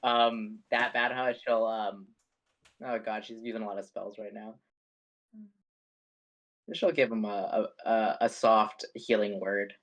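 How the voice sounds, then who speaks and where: A man's voice: fairly low pitch, little pitch movement, unhurried, pauses often, a bit bright. A man playing a tabletop game, hesitant and full of fillers, narrating his character in the third person. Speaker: player. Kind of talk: tabletop game role-play.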